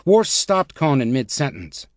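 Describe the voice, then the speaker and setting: A man reading nonfiction narration as an audiobook narrator, in a measured, even way. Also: medium pitch, no echo, clean studio sound.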